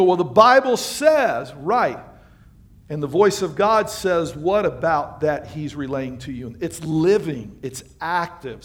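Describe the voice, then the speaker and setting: A male pastor preaching a sermon to his congregation, swinging between loud emphatic lines and quiet, low asides. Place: church sanctuary.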